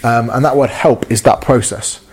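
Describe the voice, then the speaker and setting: Male preacher, mid pitch, husky tone, earnest conversational sermon, stammers and repeats words. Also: fairly even intonation, moderate pace.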